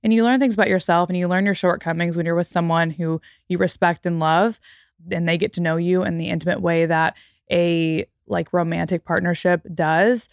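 A woman's voice: fairly low pitch, steady tone, normal speed, creaky, no room sound, clean studio sound. A woman of thirty hosting her own podcast, talking candidly and reflectively in a casual way with lots of fillers. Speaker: podcast host. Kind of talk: casual solo podcast talk.

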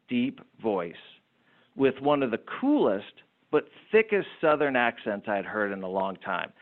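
A middle-aged man talks as an interview guest, spinning stories with animated energy and the odd repeated word. His voice sits at an ordinary pitch. The sound is narrow and tinny, like a phone call. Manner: animated, repeats words while telling anecdotes. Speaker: guest, small business owner. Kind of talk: interview storytelling.

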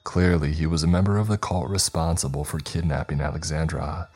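A man narrating a first-person horror story in a steady, scripted storytelling manner. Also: a bass voice, a little fast, husky, faint music behind.

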